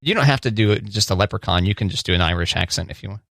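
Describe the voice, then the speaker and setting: A man co-hosting a radio show, teasing his partner and answering with quick short replies. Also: on the low side, fairly bright tone, dry recording, clean studio sound. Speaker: radio co-host. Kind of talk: morning radio show chat.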